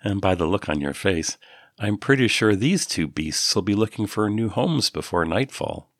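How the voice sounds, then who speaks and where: Gentle, steady man, read by a deep-voiced male narrator, consoling, unhurried, storybook dialogue. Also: no echo, studio quality. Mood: calm. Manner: calm, consoling. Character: gentle, calm man, thin and worn.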